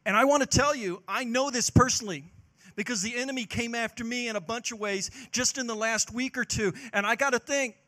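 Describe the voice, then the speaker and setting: A male pastor delivers a sermon in a high, bright, forceful voice. He preaches with passion, swinging between loud calls to action and quiet, earnest moments. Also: fairly quick.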